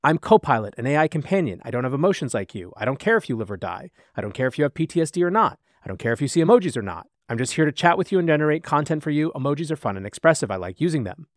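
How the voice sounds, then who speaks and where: A man's voice: fairly high pitch, big pitch swings, very fast, hardly any pauses, no echo, clean studio sound. A man doing an unhinged AI chatbot. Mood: cold menace. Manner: melodramatic, repetitive reading of chatbot replies. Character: unhinged AI chatbot, swings from groveling to menacing.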